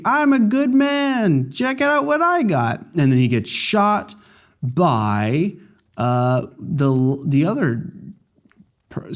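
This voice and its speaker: A man's voice: medium pitch, a little mellow. Rambling man recapping a game story. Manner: rambling, jokey story recap with many fillers. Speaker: let's play gamer. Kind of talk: casual gameplay commentary.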